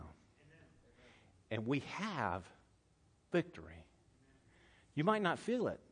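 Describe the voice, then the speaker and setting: A man with a Southern US accent preaching a sermon as pastor, telling stories with lively swings between loud bursts and hushed passages. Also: mid-range voice. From Southern United States.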